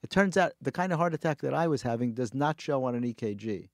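A man telling a story in casual chat, wry and animated, acting out the people he met. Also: mid-range voice, quick pace, no echo, clean studio sound.

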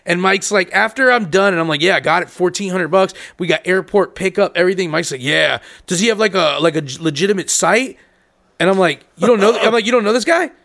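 A man's voice: sits high, fast, gravelly, fairly bright tone. A young man on a podcast, telling a long story casually, swearing and acting out both sides of each conversation. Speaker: podcast co-host.

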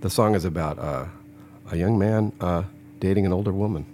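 A man's voice: brisk, a little mellow, slight background noise. A man co-hosting a casual podcast from a hotel room, playful, often slipping into silly voices. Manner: playful, jumps into silly high voices for jokes. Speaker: podcast co-host, musician. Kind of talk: casual chat.

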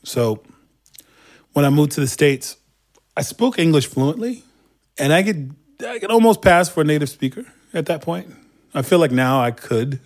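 A man in his forties from Turkey, speaking with a light Turkish accent, telling stories as a guest in a lively, animated way. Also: fairly high pitch, normal speed. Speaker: guest, music producer. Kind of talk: casual storytelling.

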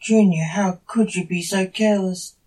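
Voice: medium pitch, steady tone, moderate pace, dark tone, lightly acted. A reader voicing a stern, scolding father, slightly distant from the mic.

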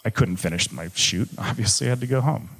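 A young Michigan man tells a live story about his own life, swearing openly and candidly and shifting from jokey to serious. His fairly low voice is animated and quick, a bit bright with a breathy edge.

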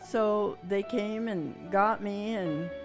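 A woman's voice: mid-range voice, slow, soft background music. An older woman recounting a personal story in an interview, rambling and acting out what each person said. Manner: rambling, acts out quoted dialogue. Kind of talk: oral history storytelling.

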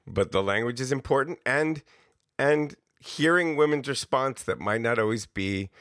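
A man's voice: medium pitch, measured pace, a bit bright, no echo, clean studio sound. A man hosting a podcast, talking in a chatty, self-deprecating way and laughing often. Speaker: podcast host. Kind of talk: casual conversation.

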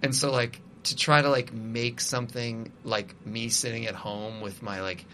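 Bright-voiced man rambling casually. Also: mid-range voice, little pitch movement, normal speed, slight background noise. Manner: rambling, full of "like" and restarts. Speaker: musician and composer guest. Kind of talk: casual conversation.

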